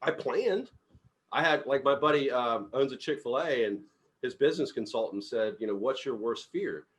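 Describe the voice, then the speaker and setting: A man's voice: mid-range voice, normal speed. A middle-aged man leading a team meeting as company CEO, giving a casual motivational talk and acting out the dialogue in his personal stories with upbeat energy. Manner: upbeat, animated storyteller who acts out dialogue.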